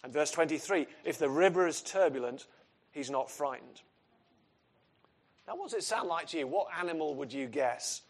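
A man's voice: fairly high pitch, lively intonation, moderate pace. A man preaching an expository sermon, earnest and emphatic, asking his listeners questions.

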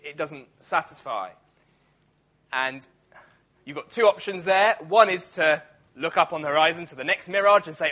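This church sermon comes from a man with a fairly high, expressive, sharp voice who takes his time. He talks conversationally with many fillers and restarts and occasionally acts out grumbling voices.

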